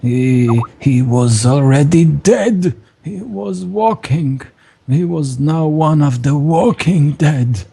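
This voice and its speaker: A man's voice: fairly high pitch, takes it slowly, gravelly, mellow, husky, pitched above the performer's own voice, heavily acted. A man voicing a frantic, grief-stricken old male priest who wails and pleads. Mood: grieving. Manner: wailing, trembling, pleading.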